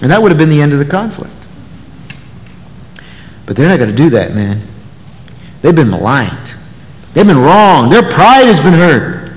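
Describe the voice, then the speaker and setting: A man preaching an expository sermon, animated, acting out the voices of the people in the passage. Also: fairly high pitch, moderate pace, pauses often. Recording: long echoey hall reverb.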